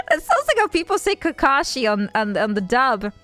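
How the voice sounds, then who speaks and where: A woman's voice: sits high, huge pitch swings, a little slow, a bit bright, faint music behind. A woman streamer chatting casually, playful and rambling, laughing often; English is not her first language. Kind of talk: casual chat.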